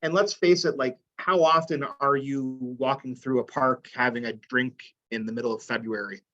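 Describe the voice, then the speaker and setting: A man's voice: medium pitch, steady tone, normal speed, sharp tone, dull audio. A man from Canada, speaking as a webinar panelist in a mid-range voice. He answers casually, often dropping in "like".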